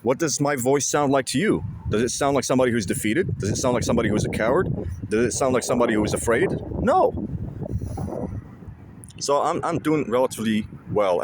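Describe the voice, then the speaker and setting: A man's voice: medium pitch, lively intonation, fast talker, noisy background. A man vlogging outdoors by a lake, speaking to his viewers in an intense, repetitive and profane way. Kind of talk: casual monologue to viewers.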